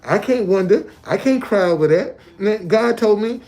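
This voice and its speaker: With soft background music, a live streamer talks loosely from a hotel room, repeating himself and going back over his points. He has a high, slightly mellow voice with lively intonation and a moderate pace.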